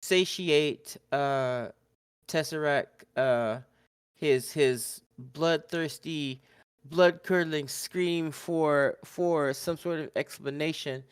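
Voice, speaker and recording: A man co-hosting a podcast, telling a wrestling recap in casual chat. He is animated, laughs often and acts out the wrestlers' lines. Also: fairly high pitch, slow pace, smooth, no room sound, clean studio sound. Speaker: podcast co-host.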